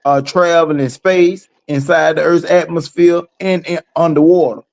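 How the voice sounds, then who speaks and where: A man's voice: a little high, fairly even intonation, moderate pace, gravelly, darkish tone. A man in casual podcast talk who stumbles over words while patiently explaining.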